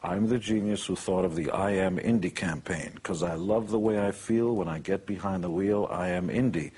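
A man's voice: sits low, moderate pace, darkish tone, slightly rough. A man telling blunt, boastful and joking stories about his life and his work. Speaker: interviewee. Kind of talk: motivational anecdotes.

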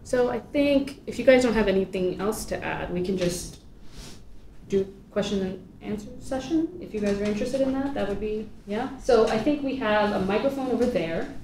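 A woman's voice: mid-range voice, moderate pace, a little mellow. A woman on a panel talking with many restarts and indignation, then moderating questions. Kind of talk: panel discussion. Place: lecture hall. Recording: echoey hall, distant mic, faint noise.

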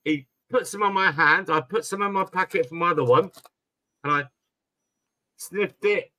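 A man with a bright, forceful voice, pitched a little high, swearing his way through casual live-stream chat. He tells his anecdotes with animated energy. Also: moderate pace, no echo.

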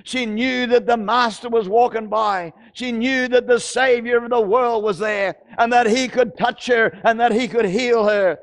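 Cast: Australian male pastor, very high voice, fervent, repeats himself, builds to shouted exhortations. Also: steady tone, a little slow, few pauses. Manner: impassioned, repeats phrases, rises to shouts. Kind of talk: sermon.

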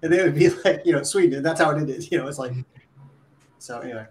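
A man with a fairly high voice co-hosts a casual live panel chat. He rambles, stacking false starts and restarts as he works through his point, with faint background noise behind him. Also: fast, roomy sound. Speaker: co-host, conference organizer.

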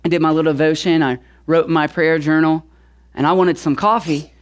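A man's voice: a little high, fairly even intonation, a little fast. Man in his thirties telling a sermon story. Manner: conversational, personal anecdotes with fillers. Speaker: pastor.

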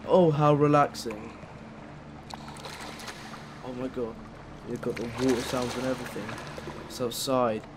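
A man's voice: mid-range voice, noisy background. Jumpy man playing a horror game. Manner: reads notes aloud, jumpy and swearing when scared. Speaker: gameplay commentator. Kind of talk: horror game let's play commentary.

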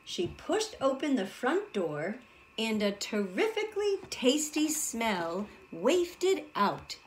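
Animated woman reading a storybook to kids. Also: a little high, slow, slight background noise. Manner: animated, addresses the children directly. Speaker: preschool teacher. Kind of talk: storybook read-aloud for young children.

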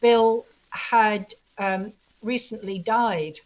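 A woman guest and author telling stories in a casual interview, animated and full of restarts. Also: mid-range voice, drawn-out words, muffled recording. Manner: animated storyteller, many restarts. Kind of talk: casual video interview chat.

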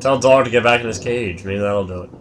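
A man's voice: lowish voice, fast, a little hiss or hum. A man watching a friend play a video game, teasing him and joking in a casual, chatty way. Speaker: co-commentator. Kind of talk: let's play commentary.

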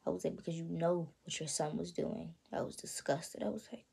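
Young woman of 18, low raspy voice with gravelly fry, soft halting confessional storytelling. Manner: soft, halting, with frequent "you know what I mean". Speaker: vlogger.

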